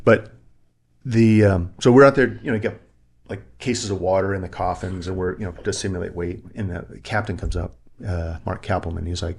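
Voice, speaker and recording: A man's voice: sits low, fairly even intonation, brisk, gravelly, a little mellow, breathy edge. A middle-aged man, a retired army pilot being interviewed, telling war stories and acting out other people's voices. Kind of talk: animated storytelling in conversation.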